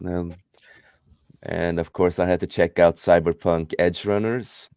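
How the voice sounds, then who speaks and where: A man's voice: deep voice, level tone, a little slow, a little mellow, smooth, dry recording, clean studio sound. A young man co-hosting a casual anime chat on a livestream, rambling with lots of fillers and casual swearing. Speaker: livestream co-host.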